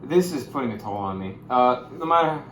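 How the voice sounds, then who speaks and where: A young man explaining money topics in a casual vlog, goofy and jokey, with sudden loud, excited bursts. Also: medium pitch, a little fast, reverberant, a little hiss or hum, low-quality recording. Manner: goofy, hyper bursts, calls viewers gamers. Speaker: YouTuber.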